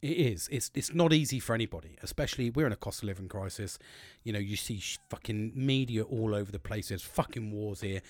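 A man's voice: on the low side, brisk, no echo. A British man talking candidly to camera in a rambling, heavily sworn monologue that turns emphatic when he gives advice. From United Kingdom. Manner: blunt, sweary and rambling, with frequent restarts; gets emphatic and preachy when giving advice. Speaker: vlogger.

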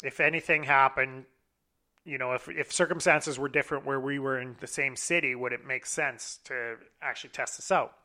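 Man, casual storyteller, bright clear tone, lively anecdote with cussing. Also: medium pitch, moderate pace. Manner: animated anecdote with frequent profanity and quoted dialogue.

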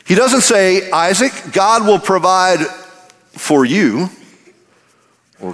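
A man preaching a sermon as pastor, slow and emphatic, his voice dropping low and rising high for effect. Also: lively intonation, a bit bright, long reverb tail. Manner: slow, emphatic preaching with dramatic drops and climbs in pitch.

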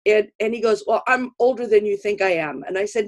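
A middle-aged woman hosts a podcast, telling stories in casual conversation and laughing often as an animated storyteller. She speaks at normal speed with a medium pitch.

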